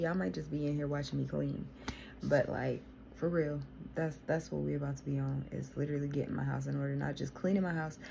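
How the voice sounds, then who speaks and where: A woman's voice: deep voice, vocal fry, warm tone, a little hiss or hum. A woman vlogger venting to her viewers in a casual diary style, exasperated and swearing freely.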